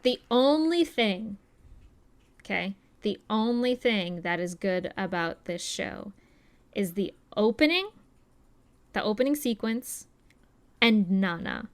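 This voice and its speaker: Blunt, excitable woman on a podcast. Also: mid-range voice, slow pace, long pauses. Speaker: podcast co-host. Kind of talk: casual podcast chat.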